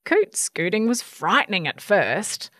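Slow expressive woman storyteller. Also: mid-range voice, no echo, clean studio sound. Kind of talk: children's picture book read aloud.

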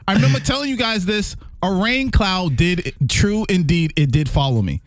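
A man's voice: high voice, moderate pace, slight background noise. A man co-hosting a radio show, earnestly telling personal stories in casual chat. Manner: animated storyteller, earnest. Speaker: radio co-host.

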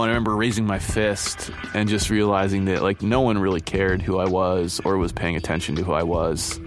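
A man telling a personal story in a relaxed, conversational way, with guitar music under his voice. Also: sits low, normal speed. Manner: relaxed, conversational with frequent "you know" and "kinda". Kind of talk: first-person spoken storytelling.

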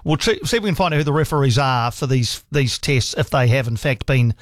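A man's voice: mid-range voice, expressive, a little fast, no room sound. A man with a New Zealand accent hosting a talkback radio show, chatty and full of restarts, speaking on a studio mic. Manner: chatty, hesitant restarts, mate-style banter. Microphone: studio microphone.

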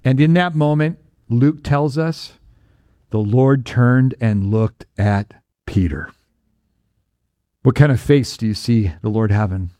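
A man preaching a sermon, retelling scripture with animated storytelling and rhetorical questions. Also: medium pitch, no echo, studio quality.

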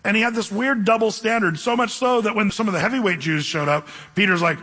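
A man's voice: sits high, fast talker, hardly any pauses, bright, forceful tone. A man preaching a sermon as pastor, reading scripture and adding emphatic asides. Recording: long hall reverb.

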